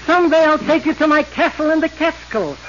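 A boastful, cowardly young prince talks breezily in a high, light voice. It is 1930s radio comedy on a dull old broadcast recording with loud music behind. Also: male voice, a little fast, very noisy. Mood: breezy. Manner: breezy, crooning, wisecracking.

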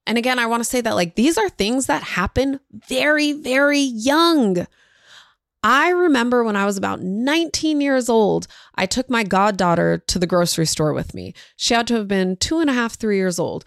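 A woman's voice: a little high, lively intonation, normal speed, creaky, dry recording, clean studio sound. A woman hosting a parenting podcast who gives earnest, direct advice and talks to her listeners as "y'all". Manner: direct, warmly instructive, addresses listeners as y'all.

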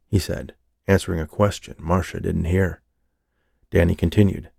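A man reading an audiobook in a steady, measured storytelling voice. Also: sits low, vocal fry, no echo, studio quality. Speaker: audiobook narrator. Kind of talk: scripted narration.

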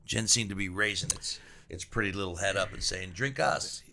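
A man's voice: low-pitched, level tone, fairly quick, pushed and bright. A man hosting a casual podcast chat, joking around and asking his guest lots of questions. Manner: jokey, asks lots of questions. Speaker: podcast host.

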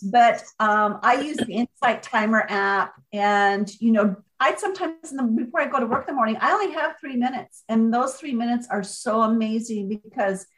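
A woman author being interviewed, speaking in an energetic, motivational way and driving her points home with repetition. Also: on the high side, moderate pace, hardly any pauses, low-quality recording. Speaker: author guest. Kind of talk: conversational interview.

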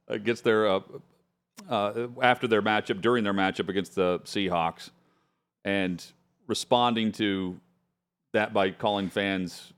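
Male host, lowish voice, relaxed halting sports chat. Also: smooth. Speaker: radio host. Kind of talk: casual sports talk.

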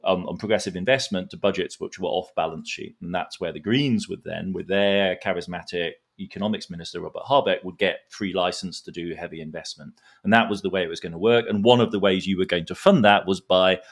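A man's voice: deep voice, fairly quick, few pauses. A man giving a detailed, explanatory analysis in a podcast discussion, drawing analogies as he goes. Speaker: expert guest.

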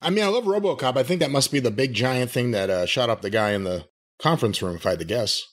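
A man co-hosting a podcast, teasing with sarcastic, deadpan replies. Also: medium pitch, fast. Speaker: podcast co-host. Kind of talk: casual podcast banter.

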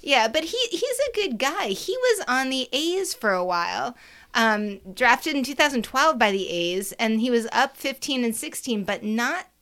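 A woman co-hosts a casual sports podcast, telling long stories in a chatty, animated way. Her voice is bright and forceful. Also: a little high, measured pace. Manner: chatty, animated storytelling with frequent "like" and laughs. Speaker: podcast co-host.

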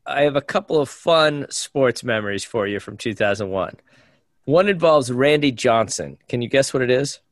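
A man's voice: mid-range voice, animated, normal speed, no room sound. A man co-hosting a podcast, eagerly asking his co-hosts quiz questions in casual chat. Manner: playful, eager quizmaster. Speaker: podcast co-host running a quiz.

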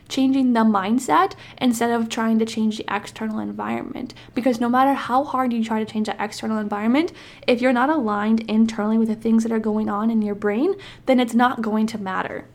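Upbeat young woman with a bright-pitched voice. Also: steady tone, brisk. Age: 20s. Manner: upbeat, emphatic and encouraging. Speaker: podcast host. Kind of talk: motivational podcast monologue.

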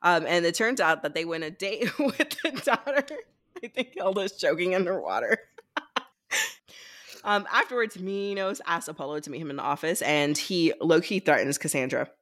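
A woman's voice: on the low side, animated, moderate pace, a bit bright. A woman co-hosting a podcast, leading a casual book-club chat and recapping the plot with quoted lines from the characters.

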